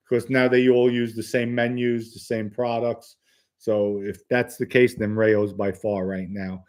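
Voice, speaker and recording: A man hosting a live stream, answering viewer questions in a blunt, matter-of-fact way. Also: medium pitch. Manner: blunt, matter-of-fact, reads chat comments aloud. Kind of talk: casual live-stream chat.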